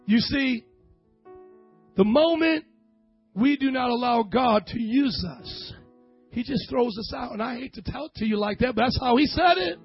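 A male pastor preaching with a very high, husky voice, driving his points home with emphatic bursts and call-and-response. The recording sounds dull and lo-fi, with faint music underneath. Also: expressive, moderate pace. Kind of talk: sermon.

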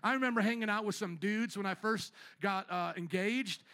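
A man's voice: high voice, moderate pace. A male pastor preaching a sermon in church, teasing and joking with the congregation. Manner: playful, teasing, animated preaching. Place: church sanctuary.

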